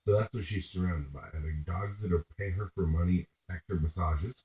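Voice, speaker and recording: Low-voiced man rambling on a tinny line. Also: steady tone, moderate pace. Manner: profane, meandering, restarts mid-sentence. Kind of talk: casual rambling storytelling. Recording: echoey room on a tinny phone-like line.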